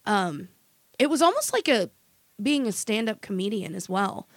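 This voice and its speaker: Woman podcast cohost, lively and sweary, dry close mic, mid pitch. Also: normal speed, dry recording. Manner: animated, swears freely. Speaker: podcast co-host. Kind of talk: casual podcast chat.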